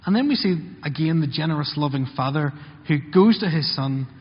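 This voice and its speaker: A man's voice: a little high, animated, fairly quick, slightly rough. A man giving an earnest sermon, acting out the words of story characters. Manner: earnest, acts out characters' lines in quotes. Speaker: preacher. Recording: muffled, with long hall reverb.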